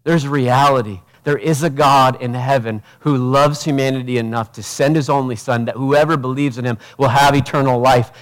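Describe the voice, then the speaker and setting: A man, a pastor, preaching a passionate sermon, swinging from loud urgent peaks to quiet intimate asides and asking the congregation direct questions. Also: mid-range voice. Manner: preaches with rhetorical questions and acted quotes.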